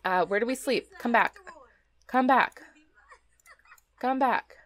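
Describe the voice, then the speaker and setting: Brief: young female let's-player, giggly and chatty, a bit high-voiced, reacting out loud. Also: slow. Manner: chatty, giggly, exclaims at small things. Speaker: let's play host. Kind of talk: casual gameplay commentary.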